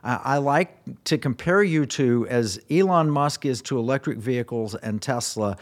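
Radio host guy, mid-pitch voice, upbeat, reads quotes out loud to set up his guest. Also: moderate pace. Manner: enthusiastic, reads quotes aloud. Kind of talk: radio talk show hosting.

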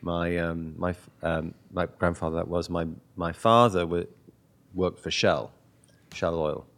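A man from northeast England with a British accent, talking as an interview guest and often pausing to search for words. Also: low-pitched, steady tone, creaky, fairly bright tone. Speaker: guest, company founder. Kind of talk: casual interview talk.

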